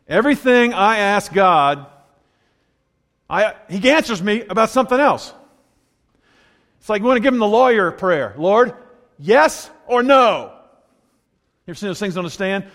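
A man preaching a sermon in a conversational way, swinging between quiet, low asides and emphatic, rising points. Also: animated, normal speed, long pauses. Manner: conversational preaching, drops to a low murmur then rises emphatically. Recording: long hall reverb.

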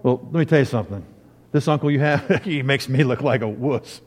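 A middle-aged man preaching a sermon, animated, acting out the people he quotes. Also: medium pitch, brisk. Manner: animated storyteller, acts out quotes. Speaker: pastor. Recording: long reverb of a hall.

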